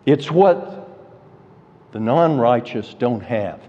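A man preaching an expository sermon, posing questions and answering them himself. His delivery is slow and deliberate, with a pitch that rises and falls a lot. The audio is dull and lo-fi, with a long hall reverb trailing his words. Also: expressive, mellow. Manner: expository Bible teaching, rhetorical questions.

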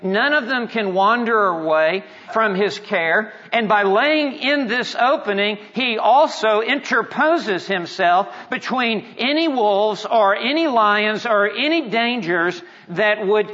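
A man preaching an expository sermon, measured and emphatic, with dramatic pauses. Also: high-pitched, expressive, bright, forceful tone. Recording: dull reverberant hall sound.

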